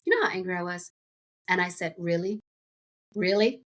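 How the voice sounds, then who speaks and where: A woman's voice: fairly low pitch, very animated, fast talker, pushed and bright. A middle-aged woman from the United States, a podcast guest, chatting casually and telling a rambling story full of fillers and asides. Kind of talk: casual chat.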